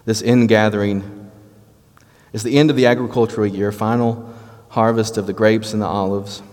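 Southern guy teaching scripture, lowish voice, chatty and explaining, long echo of a big hall. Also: fairly even intonation, moderate pace, darkish tone. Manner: conversational, explanatory, frequent restarts. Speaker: preacher. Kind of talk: sermon-style Bible teaching.

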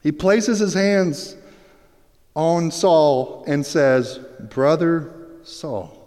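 Animated preaching man in a reverberant hall. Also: a little high, drawn-out words. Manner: animated storytelling, acts out Bible scenes. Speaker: pastor. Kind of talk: sermon. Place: church sanctuary.

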